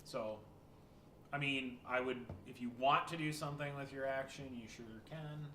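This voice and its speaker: A man's voice: medium pitch, normal speed. Man running a tabletop game, echoey room. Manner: relaxed, hesitant, many fillers. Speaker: game master. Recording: echoey room with background noise.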